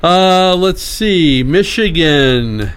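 A man's voice: fairly high pitch, lively intonation, extremely slow, fairly bright tone, clean tone. A man co-hosting a podcast, reading out a list in a casual chat with amused disbelief. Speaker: podcast co-host.

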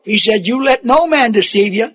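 A man preaching a sermon, slow and deliberate, repeating phrases for emphasis and asking the congregation rhetorical questions. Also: very high voice, lively intonation, fairly bright tone, breathy edge.

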